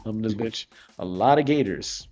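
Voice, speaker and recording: A man's voice: lowish voice, expressive, moderate pace, darkish tone. Rambling man chatting on a livestream. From Florida, United States. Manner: loose, rambling, curses offhandedly. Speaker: livestreaming artist. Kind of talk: casual rambling chat while drawing. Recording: dull lo-fi livestream audio with faint music.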